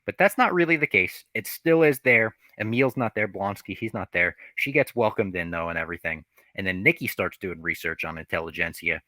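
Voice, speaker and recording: A man's voice: low-pitched, pushed and bright, no echo. A man co-hosting a podcast, animatedly retelling a TV episode with casual profanity. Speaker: podcast co-host.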